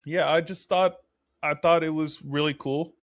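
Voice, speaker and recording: A young man co-hosting a podcast in casual chat, animated and laughing as he acts out his own reactions. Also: a little high, normal speed, dry recording. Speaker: podcast co-host.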